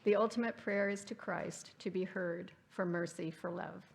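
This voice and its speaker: Her voice is on the low side and gravelly, steady in tone at a moderate pace, with slight background noise. She is giving a reflective literary lecture at a church forum in a church hall, reading passages aloud and putting questions to the audience.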